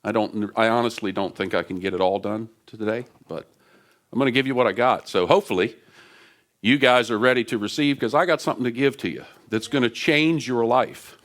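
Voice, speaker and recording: A man giving a lively, conversational sermon from a church stage microphone, chatty and quick to laugh. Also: mid-range voice. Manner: animated and chatty, laughs often. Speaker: guest preacher. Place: church sanctuary.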